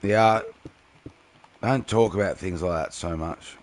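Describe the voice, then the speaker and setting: Low-voiced young man chatting on stream. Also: measured pace. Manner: relaxed, answers chat messages by name. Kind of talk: casual live-stream chat while gaming.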